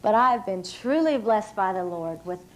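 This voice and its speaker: A woman's voice: mid-range voice, animated, normal speed, rough recording. A woman in her thirties from West Virginia, giving an upbeat, emphatic storytelling speech from a podium microphone on a banquet stage. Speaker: hall of fame speaker. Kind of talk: public speech.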